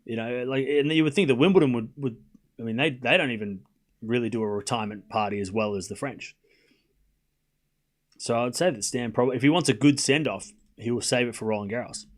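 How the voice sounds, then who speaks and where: With a medium-pitched voice, a man hosting a live tennis watchalong rambles casually, replies to viewer chat and calls points in quick bursts of play-by-play.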